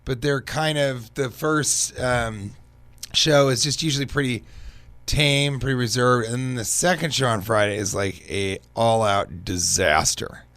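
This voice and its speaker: A man guest comedian chatting in a casual radio interview, an animated storyteller who slips into quoted voices of people he meets. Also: medium pitch, measured pace, dry recording. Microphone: studio microphone.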